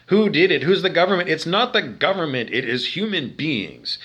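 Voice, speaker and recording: Man in a ranting monologue, high and swooping voice, agitated, profane, repetitive, keeps asking questions. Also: lively intonation, moderate pace, a bit bright, slightly rough, dull audio. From Canada. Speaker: video monologue speaker.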